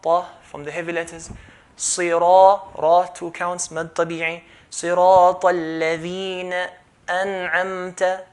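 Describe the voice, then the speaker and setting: A man teaching tajweed, explaining pronunciation patiently and reciting example words slowly and more loudly. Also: fairly high pitch. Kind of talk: tajweed lesson with recitation demos.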